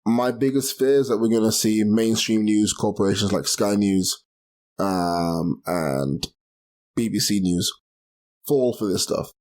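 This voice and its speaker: A man's voice: fairly low pitch, measured pace, a little mellow. A young man from London hosting a solo podcast, rambling casually and laughing at his own slips. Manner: rambling, self-deprecating, laughs at himself. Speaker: podcast host.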